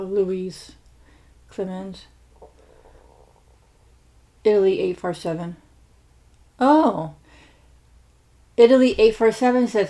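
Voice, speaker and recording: Female food-channel host, casual and chatty, low-pitched with a gravelly edge. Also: warm tone. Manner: chatty, many fillers and restarts. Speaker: mukbang host. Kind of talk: casual chat reading viewer shout-outs.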